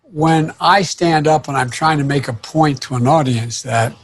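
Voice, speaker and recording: An older man who stutters, talking in a halting, paced way with many restarts as a panelist on a video call. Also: on the high side, a little hiss or hum. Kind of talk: casual conversation on a video panel.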